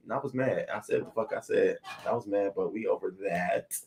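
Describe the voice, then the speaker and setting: A man hosting a casual morning news livestream from a swivel chair at home, animated and swearing, talking back to viewer comments. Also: on the low side, moderate pace, vocal fry, very noisy. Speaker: host of a morning news show.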